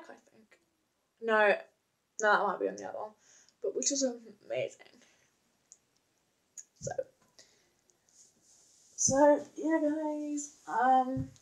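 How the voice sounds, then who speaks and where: A woman's voice: sits high, rough recording. A young woman chatting casually in a home vlog, rambling with many fillers and hesitations. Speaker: vlogger.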